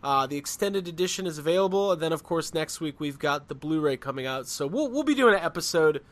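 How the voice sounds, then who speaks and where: A man's voice: on the high side, animated, quick pace. A man hosting a pop culture podcast, chatting loosely and joking with frequent filler words. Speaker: podcast host. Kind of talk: casual chat.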